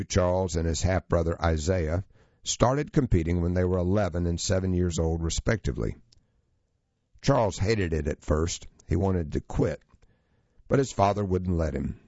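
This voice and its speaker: Male narrator, very low voice, steady long-form storytelling, dry muffled read. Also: no room sound. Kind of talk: scripted narration of a true story.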